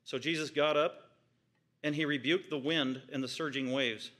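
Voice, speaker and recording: A man's voice: fairly high pitch, steady tone, normal speed, fairly bright tone. A man preaching an expository sermon in church, reading scripture aloud and then explaining it with rising emphasis. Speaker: pastor.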